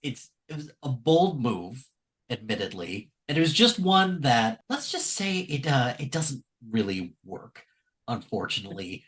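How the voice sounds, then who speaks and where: A man co-hosting a podcast, recapping an episode in casual, animated chat with frequent fillers and laughs. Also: mid-range voice, a little slow. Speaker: podcast co-host.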